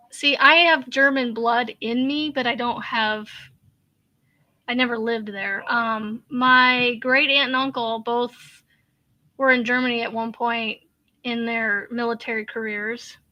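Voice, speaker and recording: A woman's voice: a little high, fairly even intonation, takes it slowly, muffled recording. A woman from Kansas hosting a crochet live stream, chatting casually, laughing often and answering viewer comments as she works. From Kansas, USA. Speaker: crochet channel host.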